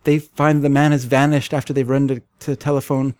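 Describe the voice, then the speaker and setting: A man's voice: medium pitch, flat delivery, a little fast, a little mellow, smooth, no room sound, studio quality. A man co-hosting a podcast, chatting casually and tossing in wry jokey asides. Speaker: podcast co-host. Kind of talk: casual chat.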